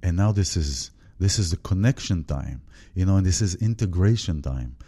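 Host, male, very deep and very dark tone, halting, reflective delivery. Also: animated, slightly rough. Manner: halting, searching for words with many restarts. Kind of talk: spiritual conversation.

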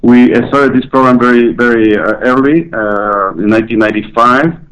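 A man speaking as a cardiac surgeon on the phone, halting with restarts. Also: mid-range voice, a bit bright, clear, resonant tone, rough recording. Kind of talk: phone interview.

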